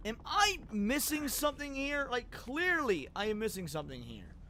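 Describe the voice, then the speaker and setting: A man with a very high, bright voice gives casual commentary while streaming a game, excitable and swearing freely as he swings between complaints and banter with chat. His pitch jumps all over, he talks at a normal speed, and there is slight background noise.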